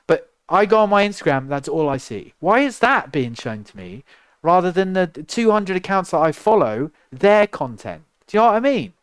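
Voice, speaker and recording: Young english guy ranting on his stream, smooth clear voice, bit higher, dry close mic. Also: moderate pace, dry recording. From England. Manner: exasperated, animated ranting with rhetorical questions. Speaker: musician livestreaming on Twitch. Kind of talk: casual rant to stream chat.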